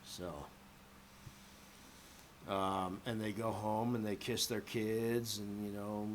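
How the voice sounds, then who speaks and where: A man's voice: fairly low pitch, level tone, slow pace. A man ranting on his own in a loose, profane, rambling way, full of fillers, with faint noise behind him. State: a little drunk. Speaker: vlogger. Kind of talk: rambling audio rant.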